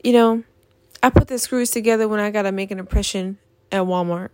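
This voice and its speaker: Young woman, casual vlog rant, exasperated, swears a lot, mid-pitched voice, dry close recording. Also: fairly even intonation, a little fast, a little mellow, dry recording. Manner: profane, exasperated ranting. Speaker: vlogger.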